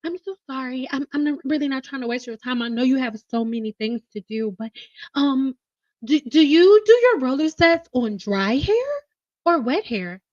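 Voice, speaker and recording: A woman's voice: high voice, lively intonation, moderate pace, darkish tone, dry recording, recorded from a distance, dull audio. A woman voicing an overly polite young woman phoning a salon, hesitant and apologetic, full of ums and sorries.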